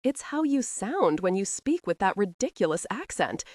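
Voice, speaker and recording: A woman voicing a defiant, sharp-tongued young tomboy in an audiobook. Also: mid-range voice, big pitch swings, normal speed, no echo, studio quality. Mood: heated.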